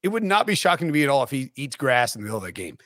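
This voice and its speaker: A man hosting a sports podcast in casual chat, animated and joking. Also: medium pitch, dry recording, clean studio sound. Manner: animated, joking, quick restarts. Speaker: podcast host.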